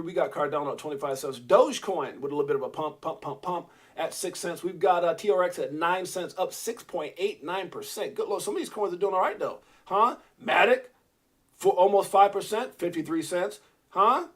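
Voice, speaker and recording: A man hosting a live crypto stream in casual chat, joking, excitable and talking straight to his viewers. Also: high-pitched. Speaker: crypto livestream host.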